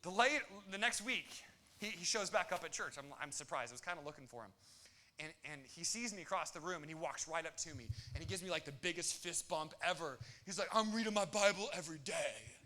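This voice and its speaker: A young adult man preaching a sermon, animated and joking, with quick asides and acted-out quotes. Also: on the high side. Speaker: pastor.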